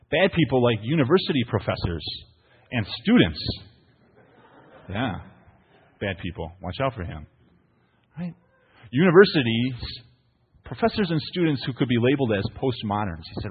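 A man preaching to his church, playful and full of stories, his pitch rising and falling a lot. His voice is husky and sounds thin, like a phone line. A long echo hangs in the hall behind it. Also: big pitch swings, normal speed, long pauses. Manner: storytelling, playful, asks the congregation "right?". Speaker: pastor. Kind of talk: sermon.

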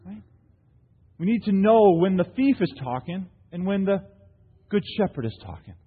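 A man's voice: high-pitched, very animated, normal speed, breathy edge. A man preaching a sermon to his congregation, posing rhetorical questions and telling stories with frequent "right?" tags. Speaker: pastor. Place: church hall. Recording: long hall reverb, thin phone-like sound.

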